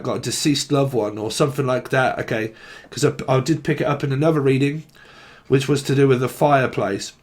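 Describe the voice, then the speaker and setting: A man's voice: medium pitch, a little mellow. A man giving a solo tarot reading, rambling and full of fillers. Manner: rambling, heavy on fillers, acts out quoted messages. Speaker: tarot reader.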